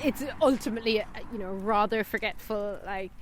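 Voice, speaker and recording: An Irish woman in her thirties co-hosting a film podcast, animated and chatty, saying "like" a lot. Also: medium pitch, a little fast, a little hiss or hum. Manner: animated, laughs often, says "like" a lot. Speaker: podcast co-host. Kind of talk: casual film review chat.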